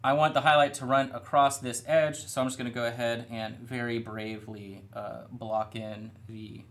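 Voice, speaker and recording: A young man chats at a normal speed in a mid-range voice, painting miniatures for a live stream in a studio room. He comes across as easygoing, somewhat rambling, and quick to put himself down.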